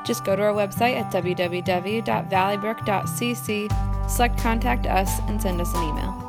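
A woman's voice: mid-range voice, moderate pace, loud music behind the voice. A woman giving a friendly scripted intro for a church podcast. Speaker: podcast announcer. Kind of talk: scripted announcement.

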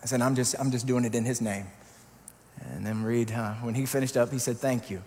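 A pastor telling a humorous personal story in a sermon, turning earnest and quiet, with lively, mock-exasperated asides. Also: male voice, mid-range voice, brisk. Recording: long hall reverb.

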